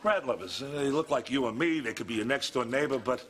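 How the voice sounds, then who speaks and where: An actor playing an earnest male exterminator who is quick to take offense. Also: mid-range voice, expressive, lightly acted. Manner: earnest, touchy, conspiratorial. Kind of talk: sitcom acting. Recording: noisy TV episode with clicks.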